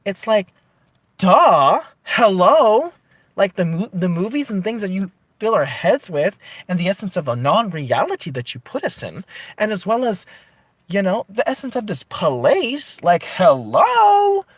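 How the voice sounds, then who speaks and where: A man vlogging a casual rant to his viewers, chatty and animated, full of "like" and swearing. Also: sits high, normal speed, husky, dry recording.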